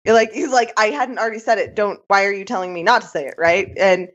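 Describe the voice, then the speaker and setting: A woman's voice: mid-range voice, fast talker. A woman co-hosting a casual comedic podcast, telling anecdotes and laughing as she talks. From Utah. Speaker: podcast co-host. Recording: slightly muffled lo-fi mic.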